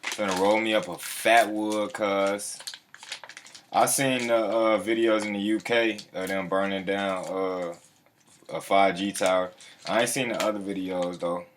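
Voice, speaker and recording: A man with a fairly low voice hosts a relaxed livestream. He talks in loose slang, cycles through the same catchphrases again and again, and greets his viewers one by one by name. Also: unhurried, a little hiss or hum. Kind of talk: casual livestream chat.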